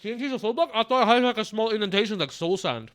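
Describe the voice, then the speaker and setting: A young man streaming a game live, swearing freely and calling his chat "bro" while he guesses out loud. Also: high-pitched, rapid-fire. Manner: profane, excitable, calls the chat bro.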